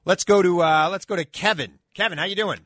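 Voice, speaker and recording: A man's voice: high voice, a little fast, fairly bright tone, no room sound. A man co-hosting a political talk radio show, speaking in a skeptical way and interrupting often, into a studio microphone. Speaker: radio co-host.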